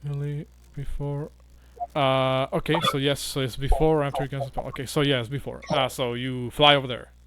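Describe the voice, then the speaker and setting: A man narrating a tabletop game as its game master, pausing often to think. His voice sits at a middling pitch, and he talks in a halting, casual way. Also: little pitch movement, a bit bright, clear, resonant tone. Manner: halting, many "uh" fillers.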